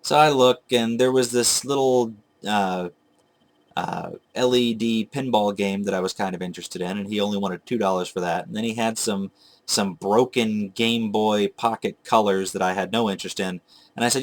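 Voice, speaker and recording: A man's voice: lowish voice, moderate pace. Rambling, chatty man vlogging. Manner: chatty, digressive, self-correcting. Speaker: retro game collector vlogger. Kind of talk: casual rambling storytelling to camera.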